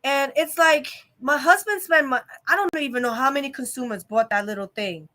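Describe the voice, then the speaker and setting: A woman's voice: sits high, normal speed, bright, forceful tone. A young adult woman hosting a casual live-stream chat, giving an opinionated, rambling rant full of fillers. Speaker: vlog host.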